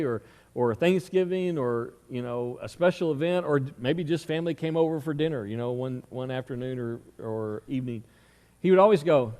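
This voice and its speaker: A man's voice: a little high, a little mellow, long reverb tail. A middle-aged man preaching a sermon as pastor, telling stories and asking the congregation questions. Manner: conversational storytelling with rhetorical questions. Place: church sanctuary.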